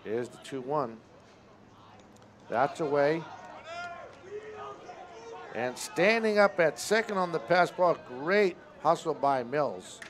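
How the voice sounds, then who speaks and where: Relaxed chatty man calling baseball. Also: a little high, slow pace, long pauses. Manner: relaxed, chatty, self-correcting. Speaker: play-by-play announcer. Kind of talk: local baseball play-by-play. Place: outdoor baseball stadium.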